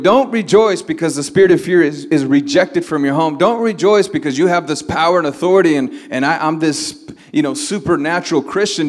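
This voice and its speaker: Preaching man in a reverberant hall. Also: on the high side. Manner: preaching with rising emphasis, drawn-out stressed words. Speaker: pastor. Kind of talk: sermon.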